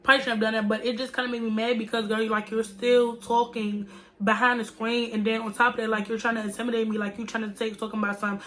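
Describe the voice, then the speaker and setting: A woman's voice: fairly high pitch, flat delivery, fast talker, fairly bright tone. Slangy young woman telling a story. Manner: chatty, slangy, addresses viewers as y'all. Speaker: vlogger. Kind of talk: casual storytime.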